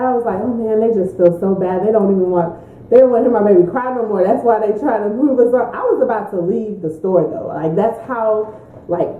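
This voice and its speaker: A mother chats casually through a mukbang Q&A, telling stories with energy and frequent laughter. Her voice sits at a middling pitch. The recording sounds thin and phone-like, and it echoes around the room. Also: a little fast. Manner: lively storyteller, laughs often. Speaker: mother answering Q&A.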